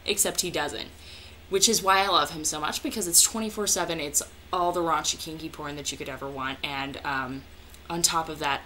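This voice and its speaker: A woman's voice: on the low side, sharp tone, slight background noise. A young woman chatting casually as a vlogger, answering viewer questions in a hyper, jokey way with plenty of swearing. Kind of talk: casual chat.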